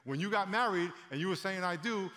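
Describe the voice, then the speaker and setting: A man's voice: sits high, fast. Man preaching in a reverberant hall. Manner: animated storytelling, repeats words, addresses the congregation. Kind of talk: conversational sermon with stories.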